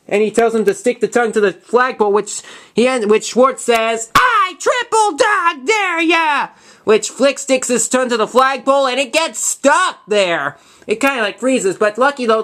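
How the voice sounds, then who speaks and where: A young man hosting his own movie review, retelling a plot in a casual, halting way full of restarts and false starts. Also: very high voice, a bit bright.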